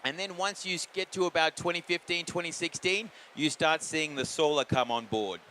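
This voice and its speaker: A man's voice: fairly high pitch, normal speed, sharp tone, a little hiss or hum. Upbeat man presenting at a conference. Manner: upbeat, jokey asides. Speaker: industry group representative presenting a report. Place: conference venue.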